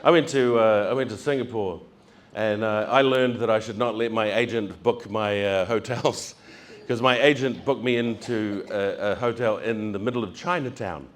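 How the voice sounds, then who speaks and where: A man's voice: fairly low pitch, normal speed. A heavyset man doing stand-up comedy, telling travel stories, acting out voices and laughing along.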